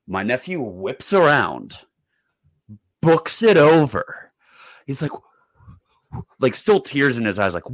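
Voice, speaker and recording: Deep, dry, low-pitched man, co-host telling an animated sports podcast story. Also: measured pace, no echo. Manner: animated storyteller, voices quotes in a high excited pitch. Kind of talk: casual chat, storytelling.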